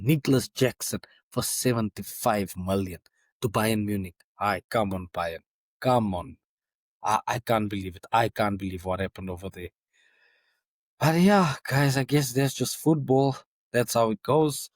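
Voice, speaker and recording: A man's voice: lowish voice, no room sound. A man hosting a football podcast in a casual monologue, chatty and exasperated, stumbling over names.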